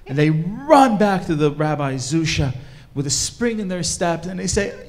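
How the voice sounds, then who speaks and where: Animated male storyteller with a lively pitch. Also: a little slow. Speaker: speaker at a cultural event. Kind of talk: storytelling talk to a live audience. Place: event hall stage.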